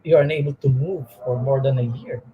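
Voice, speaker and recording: A man's voice: medium pitch, fairly quick, narrow, tinny audio, slight background noise. A man hosting an interview show, prompting his guest with curious follow-up questions. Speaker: talk show host.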